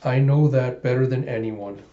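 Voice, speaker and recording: Man doing a gentle, soothing young woman. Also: medium pitch, normal speed, close to an everyday voice. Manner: soft, soothing, slightly hushed. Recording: roomy, dull home recording.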